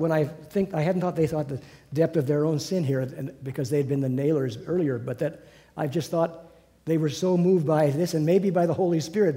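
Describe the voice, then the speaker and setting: Brief: older male teacher, mellow and a bit high, musing with restarts. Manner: musing, rambling, many restarts. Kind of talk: Bible class discussion.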